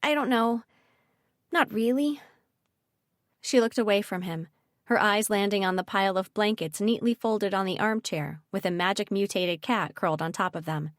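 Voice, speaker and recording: A woman reads a fantasy audiobook in a measured, steady storytelling voice. Her pitch sits in the middle of the range. The studio sound is dry and close. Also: no room sound. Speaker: audiobook narrator. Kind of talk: scripted narration.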